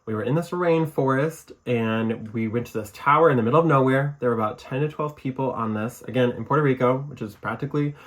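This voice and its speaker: A man with a Michigan accent chats on his live podcast show. His talk is loose and rambling, full of asides and quick laughs. His pitch sits in a middle range for a man. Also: fairly bright tone. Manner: chatty, rambling, laughs often. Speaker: podcast host. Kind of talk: casual live-show chat.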